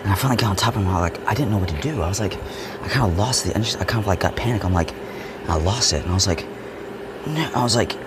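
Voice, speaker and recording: Man, casual storytelling, low voice, whispers then shouts, acts out voices, heavy vehicle noise. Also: racing. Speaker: vlogger.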